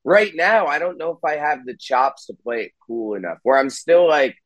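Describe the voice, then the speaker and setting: A man's voice: fairly high pitch, moderate pace, no room sound, poor audio. Candid, swearing young man musician. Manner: candid, animated, swears freely, acts out quotes. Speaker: podcast host and band musician, guest here. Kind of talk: casual podcast chat.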